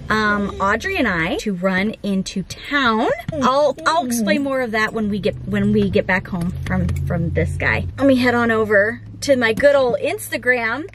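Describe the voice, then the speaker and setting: A woman's voice: fairly high pitch, normal speed. A woman chatting casually to camera for a family vlog, soothing a nervous puppy, with music underneath. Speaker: family vlogger. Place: vet clinic and outdoors in snow.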